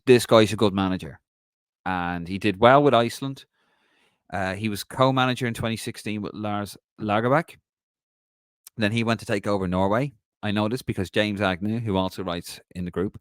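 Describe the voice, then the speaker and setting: Deep-voiced man hosting a chatty live stream. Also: dry recording, clean studio sound. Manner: chatty, rambling, reads out viewer comments. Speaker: podcast host. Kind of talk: casual solo live stream chat.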